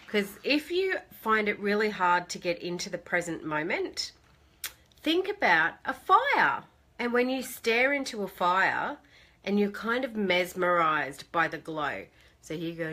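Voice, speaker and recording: A woman's voice: fairly low pitch, sharp tone. A woman hosting a casual live stream from her phone, chatting with viewers by name and laughing often.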